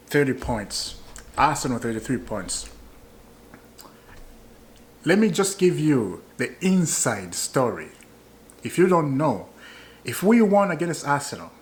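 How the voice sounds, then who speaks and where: A man venting as a football fan in a casual vlog, annoyed, hammering points home by repeating them and asking viewers questions. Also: medium pitch. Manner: rhetorical questions to viewers, chuckles often.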